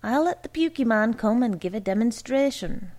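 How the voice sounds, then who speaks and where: A woman doing a gruff, curt father. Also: on the high side, animated, moderate pace, a little mellow, natural voice. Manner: rough, curt. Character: gruff, grudging middle-aged father.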